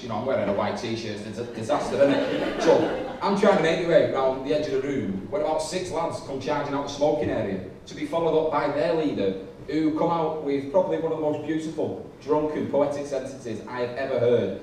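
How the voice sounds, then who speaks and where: A young man running through a stand-up set, chatty and self-mocking, with swearing dropped in freely. His voice sits a little high, and the room is very echoey. He sounds distant from the mic, with steady background noise. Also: brisk. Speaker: stand-up comedian. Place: comedy club with a live audience. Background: audience laughter.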